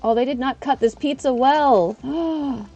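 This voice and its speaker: A woman live streaming in casual chat, chatty and excitable, eating while she talks. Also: high-pitched, a little slow, lo-fi sound, soft background music.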